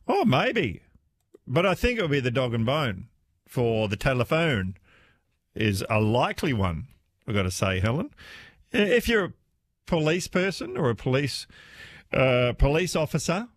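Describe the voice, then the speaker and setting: Lively radio talkback host. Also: male voice, medium pitch, no echo, clean studio sound. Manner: chatty, inviting callers.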